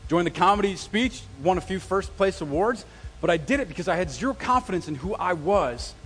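High-voiced pastor preaching in a reverberant hall. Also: male voice, a little fast, soft background music. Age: adult with a wife, past graduate study. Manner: lively storytelling with self-deprecating humor. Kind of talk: sermon. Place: church sanctuary. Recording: long reverb of a church hall.

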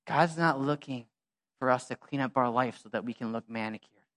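A man delivers a sermon from the pulpit in a relaxed, conversational manner, joking and slangy. His voice sits in a middle pitch. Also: moderate pace. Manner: conversational, animated, slangy preaching. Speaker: pastor. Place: church.

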